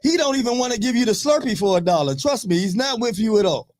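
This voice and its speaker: A man in his thirties on a radio talk show, telling profane, animated stories in casual chat. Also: high-pitched, fast talker.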